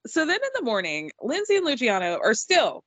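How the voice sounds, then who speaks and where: A woman's voice: fairly high pitch, huge pitch swings, brisk, a bit bright, husky, no echo. A young adult woman co-hosting a podcast, recapping a reality show in casual, chatty talk with lots of ums and freely dropped swear words. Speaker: podcast co-host.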